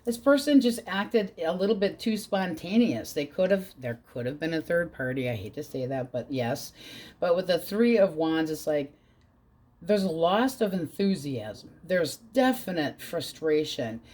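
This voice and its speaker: Low-voiced woman giving a blunt tarot reading. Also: very animated, measured pace, a little mellow. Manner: blunt, swears freely, quotes in exaggerated voices. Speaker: tarot reader.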